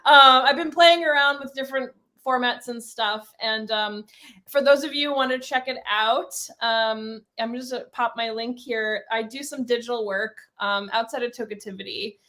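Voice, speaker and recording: A woman hosting a livestreamed panel, gushing and excitable, with fillers as she talks. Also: on the high side, normal speed. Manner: gushing, excitable, self-described nerding out. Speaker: host. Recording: online video call.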